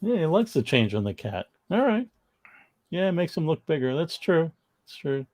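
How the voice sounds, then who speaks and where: A man's voice: fairly high pitch, sing-song, normal speed, a little mellow. A man co-hosting a casual comics history livestream, rambling and laughing as he reads viewer comments aloud.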